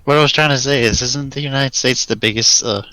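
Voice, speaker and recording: A deep-voiced young man in his late teens, streaming and chatting casually while drawing, animated and jumping to a high squeak when excited. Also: a little fast, no echo. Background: chill music.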